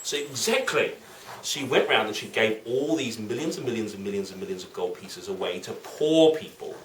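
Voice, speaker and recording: A man's voice: on the low side, lively intonation, moderate pace, fairly bright tone. Playful male storyteller for children. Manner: playful, asks the children questions. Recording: roomy, distant, faint noise.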